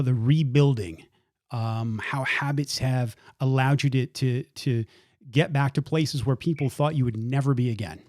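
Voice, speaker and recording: Male podcast host, mid-pitched, earnest, repeats words, dry close mic. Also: darkish tone, no room sound. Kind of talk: podcast intro and interview.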